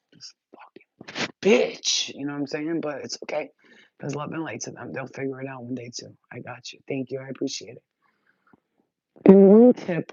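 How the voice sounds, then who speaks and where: A woman's voice: low-pitched, warm tone, no echo. Blunt, reassuring woman healer on a livestream. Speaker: spiritual healer. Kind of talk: casual livestream chat. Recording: dull, dry lo-fi sound.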